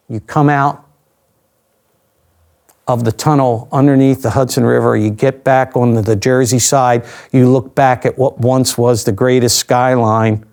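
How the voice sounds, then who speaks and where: Older male interview guest, reflective storyteller, conversational, dry asides, mid-pitched voice. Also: a little mellow. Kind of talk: personal storytelling.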